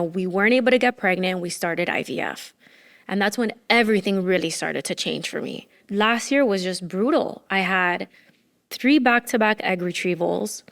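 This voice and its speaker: A woman in her thirties talks openly as a podcast guest, her voice sitting in an ordinary middle pitch. She rambles emotionally and leans on "like" as she goes. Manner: emotional, rambling with many "like" fillers. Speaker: podcast guest, former entrepreneur. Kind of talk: candid conversational storytelling.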